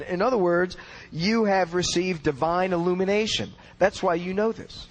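Earnest higher-voiced man teaching scripture. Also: moderate pace, a little hiss or hum, low-quality recording. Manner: earnest and explanatory, stressing key words. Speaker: Bible teacher. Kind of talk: expository Bible teaching.

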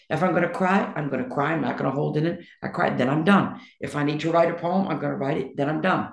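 A woman's voice: deep voice, quick pace, creaky, hardly any pauses, echoey room. A woman being interviewed about her writing, talking in an emphatic, blunt and outspoken way. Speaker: interview guest, poet and songwriter. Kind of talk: candid conversational interview.

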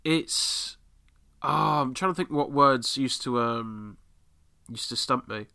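A British man with an excitable, sweary manner, giving casual commentary while watching an episode. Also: mid-range voice, takes it slowly, creaky. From Britain. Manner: excitable, swears freely, reacts aloud. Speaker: podcast host.

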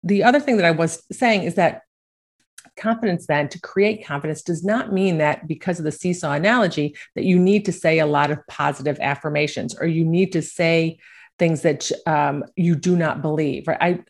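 A low-pitched middle-aged American woman speaks as a golf coach in an easy, conversational way. She keeps tagging her points with a quick "right?" and laughs lightly while telling her stories. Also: gravelly. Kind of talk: casual talk.

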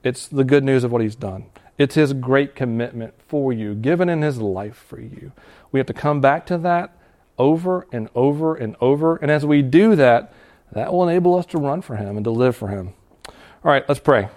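A man's voice: mid-range voice, a little mellow. A male pastor giving an earnest, conversational sermon to students, reading scripture and explaining it. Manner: earnest, conversational preaching with restarts and quick laughs.

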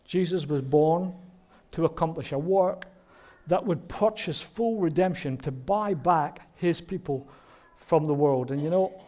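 Male pastor, fairly high voice, earnest sermon delivery. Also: unhurried. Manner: earnest, warm preaching with rhetorical questions. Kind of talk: Christmas sermon.

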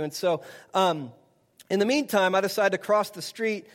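A man's voice: sits high, brisk, long reverb tail. A middle-aged man preaching a sermon, telling a personal story with chuckles and acted-out dialogue as a pastor.

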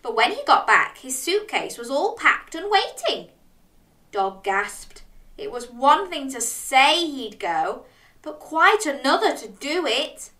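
A woman reading a picture book aloud to young children, animated and sing-song, stopping to ask her listeners questions. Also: high-pitched, slow pace. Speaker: children's story reader.

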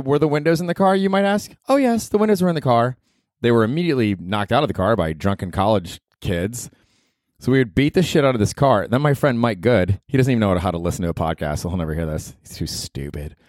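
A man's voice: fairly low pitch, a little mellow, no echo, studio quality. A man in his thirties hosting a solo podcast, telling rambling, profane stories and chuckling. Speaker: podcast host. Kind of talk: casual solo podcast monologue.

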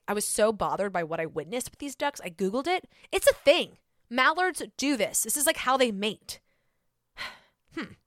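A young adult woman hosting a podcast, telling a story in a casual, self-mocking, animated way. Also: medium pitch, no room sound, studio quality. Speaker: podcast host. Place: Atlanta.

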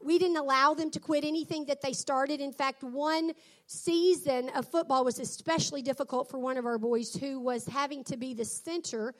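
A middle-aged woman with a notably high voice talks about raising her sons. She tells her stories in an earnest, reflective way, taking her time. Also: steady tone, normal speed. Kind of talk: personal talk on parenting.

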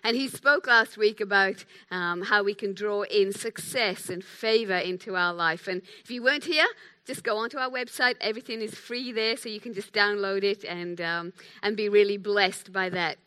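A woman delivers a sermon in a bright, clear voice. She talks in a chatty, self-deprecating way, acting out little quotes as she goes. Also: mid-range voice, moderate pace. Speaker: preacher.

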